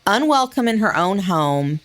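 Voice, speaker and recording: A woman's voice: mid-range voice, big pitch swings, unhurried. A woman co-hosting a podcast in casual chat, opinionated and blunt as she retells scenes. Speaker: podcast co-host.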